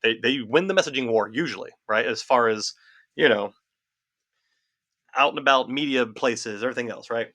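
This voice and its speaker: A man co-hosting a casual political podcast, talking fast and animated, repeating phrases for emphasis. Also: mid-range voice. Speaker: podcast co-host.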